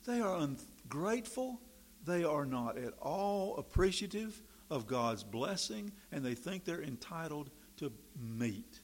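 A man preaching a sermon in an animated, sarcastic way, swinging from quiet remarks to loud, emphatic bursts. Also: a little high, measured pace, hardly any pauses, a little hiss or hum.

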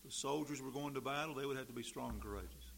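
A man preaching a sermon, slow and deliberate, stressing key words and pausing often. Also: medium pitch, gravelly, fairly bright tone.

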